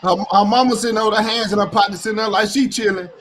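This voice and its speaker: His voice is strikingly high, his intonation fairly even, and his pace quick as he offers loose, heated reaction commentary over a faint crowd. Blunt and profane, he keeps going back over the same points and breaks into shouting when something offends him.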